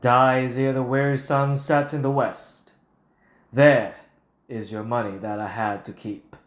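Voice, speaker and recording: A stagey Shakespearean speaker in a put-on British accent, as a man recites the lines, declaiming slowly and deliberately in a mid-pitched voice. The sound bounces around a roomy space, with a clear echo on every phrase. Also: level tone, natural voice. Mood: theatrical.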